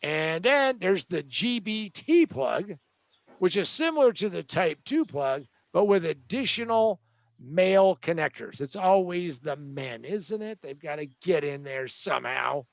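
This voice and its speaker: A man's voice: high voice, lively intonation, a little slow, gravelly, no room sound. A man hosting a show, delivering a joking, sarcastic tech rant with a rambling manner. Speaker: host.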